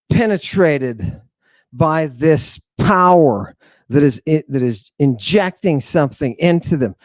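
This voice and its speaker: A man hosting an animated lecture on word meanings, talking emphatically in an excitable, jokey, irreverent way. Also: fairly high pitch, no room sound. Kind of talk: animated lecture to an online audience.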